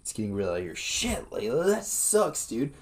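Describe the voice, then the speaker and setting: An excitable man co-hosting a laid-back podcast, his voice jumping up and down in pitch as he chats. He talks casually, tossing in "dude" and the odd swear word. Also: brisk. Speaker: podcast co-host. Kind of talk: casual chat.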